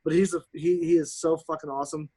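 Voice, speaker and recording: Podcast guest, male, a touch high-pitched, gushing profane storyteller. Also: fast talker, husky, faint music behind. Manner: swears constantly, excited and emphatic. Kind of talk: casual storytelling chat.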